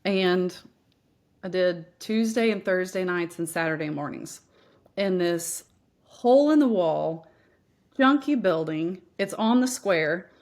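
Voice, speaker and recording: A woman in her thirties from Missouri, a fitness coach, telling her story in a chatty, animated interview manner. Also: on the low side, takes it slowly. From Missouri, US Midwest. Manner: chatty, animated, acts out quoted voices.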